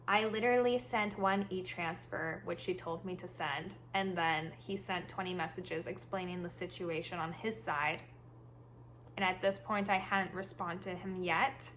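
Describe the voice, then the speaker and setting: A woman hosting a storytime podcast, telling her tale in an animated, exasperated way. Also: on the low side, unhurried, a little hiss or hum. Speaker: podcast host.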